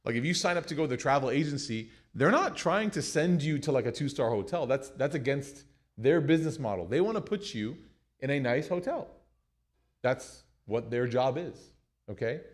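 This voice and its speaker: A man's voice: mid-range voice, normal speed. Joking American man teaching a class. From United States. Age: young adult. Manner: conversational, joking, animated retelling. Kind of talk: class lecture with storytelling.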